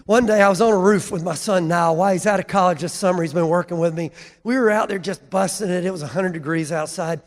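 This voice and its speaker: A man in his fifties tells a heartfelt story from a convention stage, folksy and quick to laugh. His voice is gravelly and sits a little high. The sound rings with the long reverb of a big hall. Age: 50s. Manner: folksy, emotional, laughs while telling. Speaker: convention speaker. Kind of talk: personal storytelling speech.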